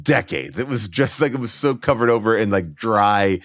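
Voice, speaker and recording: A man's voice: lowish voice, animated, moderate pace, no room sound, studio quality. A man in his forties, a podcast guest, telling a funny childhood story with lots of fillers and restarts, acting out his own lines. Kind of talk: comic storytelling.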